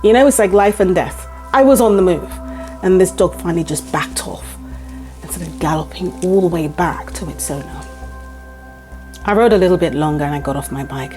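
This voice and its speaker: A woman speaks straight to her viewers in a warm, mellow voice, recounting her own experience. She is emphatic and repeats key points for stress. Faint music runs quietly beneath her voice. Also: deep voice, moderate pace. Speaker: vlogger. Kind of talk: personal storytelling to camera.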